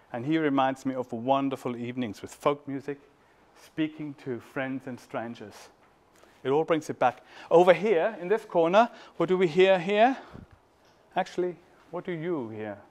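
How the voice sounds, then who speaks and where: A German man in his fifties with a German accent tells stories to an audience in a playful talk, a warm storyteller who sings snippets. His voice is fairly high, animated, and moderately paced.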